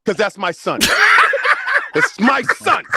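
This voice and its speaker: A man's voice: sits high, huge pitch swings, takes it slowly, gravelly, heavy background noise. A man co-hosting a gaming podcast in casual chat, emphatic and hammering his punchlines with "you know why?". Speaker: podcast co-host.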